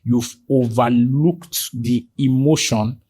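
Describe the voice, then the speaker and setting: A man's voice: steady tone, takes it slowly, warm tone, slight background noise. A man, a podcast guest telling stories in conversation and acting out the voices of the people in them. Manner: acts out quoted dialogue with sudden high jumps in pitch. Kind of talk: animated storytelling in conversation.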